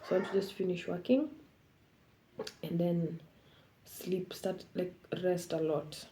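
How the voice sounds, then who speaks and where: A young woman talking casually to her vlog viewers in a relaxed, rambling way about a tiring week. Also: lowish voice, a little slow, low-quality recording. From Kenya. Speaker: vlogger. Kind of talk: casual vlog talk to camera.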